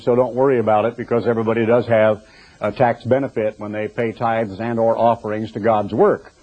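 An older male preacher delivering a radio sermon, conversational and given to asides. His voice is mid-pitched and emphatic, and the recording is muffled and lo-fi. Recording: dull lo-fi recording.

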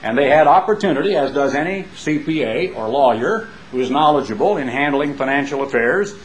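A man's voice: medium pitch, expressive, a little fast, a little hiss or hum, rough recording. A man preaching a sermon in a folksy, emphatic way, building up with rhetorical questions and homespun asides.

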